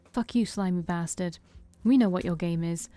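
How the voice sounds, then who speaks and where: A rowdy male punk vampire, as a woman puts him on, jeering and swearing at rivals in a game story. The tone is mellow and the recording dry and close. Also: on the low side, moderate pace, no room sound, lightly acted. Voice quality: jeering, profane.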